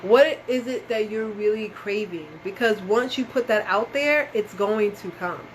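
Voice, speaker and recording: A woman's voice: medium pitch, measured pace, a little hiss or hum, poor audio. A woman doing a casual live-stream tarot reading, talking straight to her viewers, calling them y'all and swearing now and then. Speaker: tarot reader.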